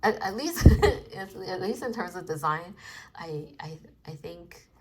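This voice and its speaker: A woman artist chatting casually about her design process, soft-spoken and hesitant, with many fillers. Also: on the low side, animated, unhurried, breathy edge. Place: home in Los Angeles.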